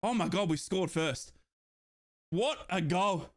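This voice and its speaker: A young man giving excited fan commentary on a live football match, shouting in euphoric bursts and out of breath. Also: high voice, takes it slowly. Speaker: fan watchalong streamer.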